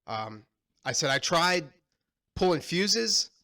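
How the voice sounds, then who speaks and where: A young adult man on a podcast, telling a frustrated story in a casual, animated and profane way. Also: fairly high pitch, slow. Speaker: podcast co-host.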